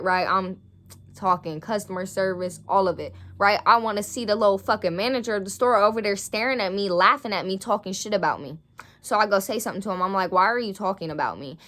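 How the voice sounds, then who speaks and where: A woman's voice: mid-range voice, a bit bright. A young woman telling a heated, profane storytime rant about her job in a vlog. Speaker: vlogger.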